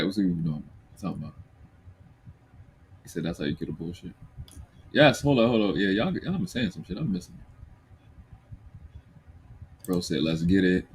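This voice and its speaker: A low-pitched man with a Baltimore accent hosts a livestream, reading chat comments and ranting with blunt, profane energy. There's a little hiss or hum on the audio.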